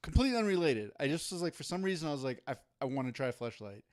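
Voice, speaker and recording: A man's voice: fairly high pitch, sing-song, rapid-fire, a little mellow. A man co-hosting a casual podcast, telling a long story with many restarts and laughs. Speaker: podcast co-host. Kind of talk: casual chat.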